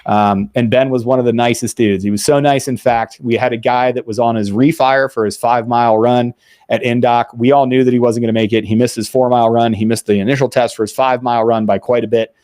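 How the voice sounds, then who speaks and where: A man's voice: medium pitch, steady tone, fast talker, darkish tone, no echo, clean studio sound. A man hosting a podcast, telling stories in a blunt, profane, casual way. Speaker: podcast host. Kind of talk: casual veterans' podcast talk.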